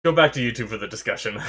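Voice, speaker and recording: A young man with a medium-pitched voice gives casual commentary on an anime episode, excitable and emotional, laughing and swearing as he goes. His nose sounds stuffy from crying.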